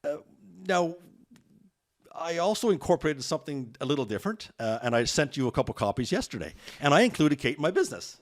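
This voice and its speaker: A man telling stories as a guest in a podcast interview, energetic and rambling. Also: on the high side, a little fast. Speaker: guest realtor.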